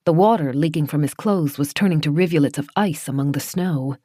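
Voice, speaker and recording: Low-voiced woman reading a horror audiobook. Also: fairly quick, dark tone, no room sound, studio quality. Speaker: audiobook narrator. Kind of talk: scripted horror audiobook narration.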